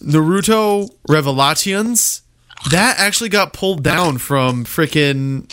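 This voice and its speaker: A man's voice: on the high side, lively intonation, unhurried, fairly bright tone, slight background noise. A young man hosting a casual online comedy show, rambling and stammering, laughing often. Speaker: host.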